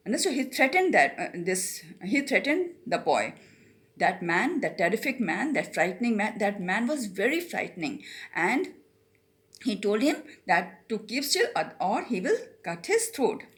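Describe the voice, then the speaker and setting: A woman's voice: mid-range voice, fairly bright tone. A middle-aged woman teacher, reading a story aloud and explaining it line by line, with some Hindi. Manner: reads a line, then explains it slowly, switching into Hindi.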